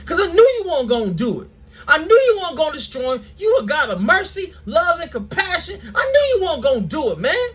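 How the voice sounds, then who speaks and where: A man's voice: very high-pitched, big pitch swings, voice pushed up, exaggerated voice. A man doing a frantic, whiny prophet. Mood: exasperated. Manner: whiny, fast, near-shouting complaints. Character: exasperated young male prophet ranting at God.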